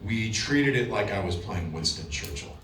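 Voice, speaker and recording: A man speaks as a guest on a convention panel, telling a story in a loose, animated way and often restarting his sentences. He sounds distant from the mic in a large echoing hall with a faint hum of room noise behind him. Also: fairly low pitch, normal speed. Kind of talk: casual panel talk.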